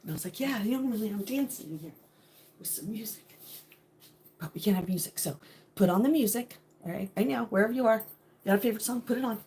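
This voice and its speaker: A middle-aged woman chatting casually with viewers on a home livestream, laughing often and sometimes dropping to a hushed voice. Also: medium pitch, fast, a little hiss or hum. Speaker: livestream host.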